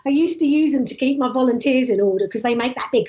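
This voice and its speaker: A high-voiced woman recounts her street-show stories in a loose, chatty way. She jumps between thoughts, restarts her sentences and keeps the anecdotes lively. The voice sits well above the usual range for women. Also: brisk, few pauses. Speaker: street performer guest. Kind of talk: casual interview storytelling.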